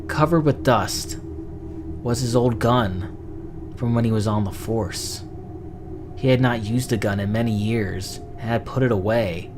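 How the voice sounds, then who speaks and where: A man narrating a scripted horror story in a slow, measured, dramatic way. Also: mid-range voice.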